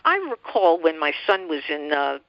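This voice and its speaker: A woman hosting an interview show, asking questions and sharing anecdotes in an unhurried, conversational way. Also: sits low, expressive, no room sound. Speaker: talk show host. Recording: dry, muffled lo-fi audio.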